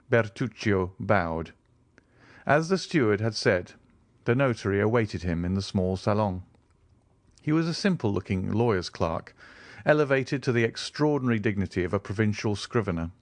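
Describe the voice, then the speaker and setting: A man reading a classic novel aloud as audiobook narrator, in a measured, expressive way. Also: lowish voice, no echo. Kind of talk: scripted narration.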